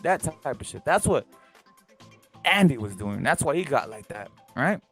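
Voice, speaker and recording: A man hosting a live boxing talk stream who speaks in an animated, profane way, asks rhetorical questions over and over and drives his points home by repeating them. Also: medium pitch, normal speed, slightly rough, faint music behind. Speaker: host.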